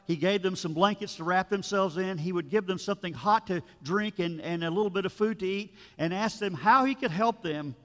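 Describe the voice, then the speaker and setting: A man's voice: high-pitched, a little fast, few pauses, a bit bright. A man, a pastor, giving a sermon in a storytelling, conversational way, with asides to his listeners. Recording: long reverb of a large room.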